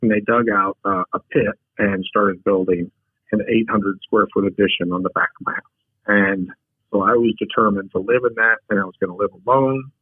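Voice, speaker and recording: A low-voiced man with a husky edge tells humorous stories at an unhurried pace. The sound is dry and tinny, like a phone line, with no room around it. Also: fairly even intonation, no room sound. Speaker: podcast guest. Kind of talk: casual storytelling.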